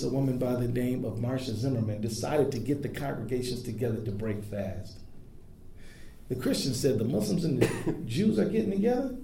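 A man's voice: mid-range voice, dark tone. Earnest man speaking in an echoey room. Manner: earnest, emphatic speech. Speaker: speaker at an interfaith event. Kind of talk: public speech. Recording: echoey room with faint noise.

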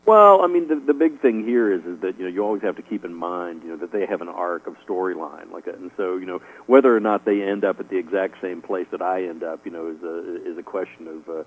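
A man's voice: sits low, fairly quick, few pauses, low-quality recording. A middle-aged man being interviewed as an author, rambling with lots of fillers and chuckling often. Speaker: author guest. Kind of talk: casual radio interview answers.

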